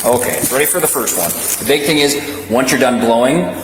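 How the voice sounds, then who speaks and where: A male police officer calmly walking someone through a breath test in a station room, patient and reassuring. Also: medium pitch, a little fast. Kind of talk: calm instructions during a breath test. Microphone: body camera. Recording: echoey room with loud ambient noise.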